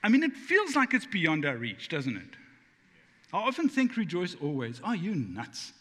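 A man preaching with a high, lively voice that leaps around as he talks. He jokes and fires rhetorical questions at the congregation, and his words ring out with a long hall reverb. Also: normal speed. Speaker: pastor. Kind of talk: sermon.

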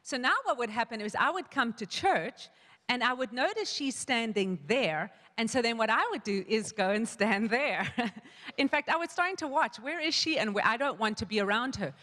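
A woman pastor preaching in a church hall, her voice pitched a little high and bright, with a long echo trailing every phrase. She tells a personal story in a loose, chatty way, often restarting her sentences and quoting herself. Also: expressive, moderate pace. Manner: storytelling with many restarts and quoted asides. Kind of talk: sermon.

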